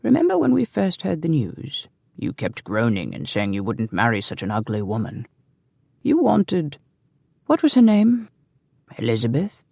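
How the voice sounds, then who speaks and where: A deep-voiced English nobleman, young and sly, who needles his friend with playful mockery, as a male narrator reads him. The voice is low and gravelly, and the sound is close and dry. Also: wildly swooping pitch, normal speed, a little mellow, no echo, exaggerated voice. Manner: mocking, playful.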